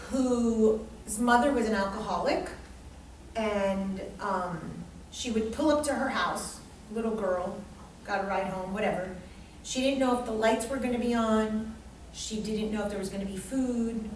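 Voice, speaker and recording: A woman's voice: fairly high pitch, slight background noise. A woman teaching a live workshop to an audience, telling stories animatedly and acting out the people in them. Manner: animated storytelling, quotes people in their voices. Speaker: astrology teacher. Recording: echoey room, voice from far off.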